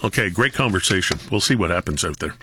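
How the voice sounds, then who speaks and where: A man's voice: deep voice, animated, bright, forceful tone, slight background noise. A man hosting a talk radio show, chatting casually and wrapping up segments. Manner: chatty, quick wrap-ups.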